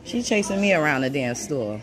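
A woman filming a dispute on her phone inside a store, loud and indignant, calling out to bystanders. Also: low voice, big pitch swings, brisk, very noisy. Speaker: customer filming a confrontation. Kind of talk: live phone recording of a dispute. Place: indoor retail store. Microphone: phone camera held by the speaker.

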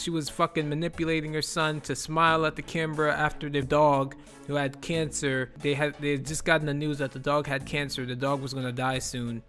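A man's voice: fairly high pitch, a bit bright. A man giving a blunt, profane commentary rant as a YouTuber, exasperated and repeating himself. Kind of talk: ranting commentary vlog.

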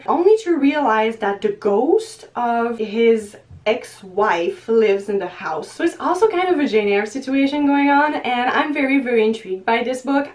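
A woman's voice: on the high side, a little mellow. A young woman chatting casually to camera as a book vlogger, often breaking into laughs. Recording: voice a little distant from the mic.

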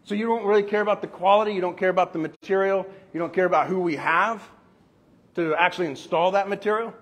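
A man telling sales stories to a group, acting out short bits of dialogue with customers in an animated way. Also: sits high. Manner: animated, acts out customer dialogue in quick asides. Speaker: roofing company owner sharing sales tactics. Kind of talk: storytelling sales talk.

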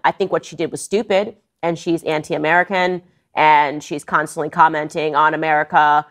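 A woman political commentator delivering a sarcastic, mocking opinion piece in an animated manner. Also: sits low, fairly quick.

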